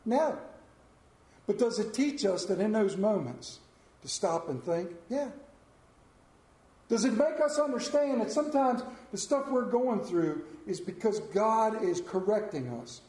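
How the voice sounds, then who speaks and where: A man in his fifties preaching a sermon, telling a folksy personal story and rising in pitch and volume as he drives points home. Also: animated, measured pace, reverberant. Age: 50s. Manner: folksy storytelling, rises loud and high when preaching.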